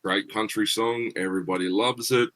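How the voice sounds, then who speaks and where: A man's voice: lowish voice, steady tone, normal speed, fairly bright tone. A middle-aged man, a guest musician telling stories in blunt casual talk and swearing freely. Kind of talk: casual storytelling.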